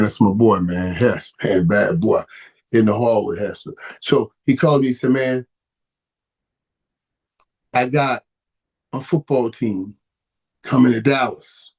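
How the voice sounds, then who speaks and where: A man's voice: lowish voice, creaky, darkish tone, husky. Stammering, heated middle-aged man. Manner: stammering, repeats words, gets emotional and heated. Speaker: host. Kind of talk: casual live-stream talk.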